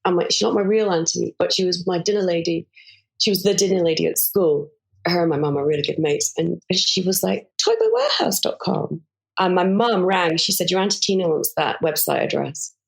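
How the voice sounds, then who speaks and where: Woman in her 40s, kinda low voice with some fry, blunt funny storyteller on a podcast. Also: a little fast. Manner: frank, self-mocking, animated storyteller. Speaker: podcast guest. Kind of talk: candid conversational interview.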